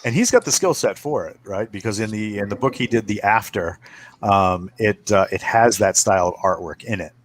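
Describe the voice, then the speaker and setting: Low-voiced man chatting loosely. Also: normal speed. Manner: rambling with frequent uh and um fillers. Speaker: podcast panelist. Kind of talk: casual podcast chat.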